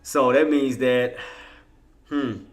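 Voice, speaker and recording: Excitable and informal, this Louisiana man with a Cajun accent narrates stock trading on a livestream, tossing in Southern slang and often correcting himself. He has a medium pitch and takes his time speaking.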